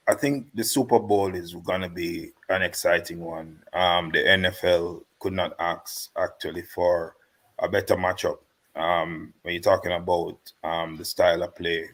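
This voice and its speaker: A man joining over a video call as a sports guest, speaking steadily with frequent pauses. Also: low voice, fairly bright tone, rough recording. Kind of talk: casual sports analysis.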